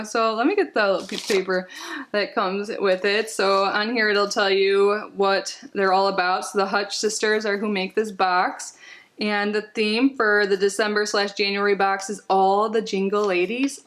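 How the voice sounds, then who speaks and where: A woman's voice: mid-range voice, steady tone, moderate pace, fairly bright tone. A woman vlogger sitting on the floor at home, chatting casually as she unboxes a package, rambling and giggling with lots of "like"s.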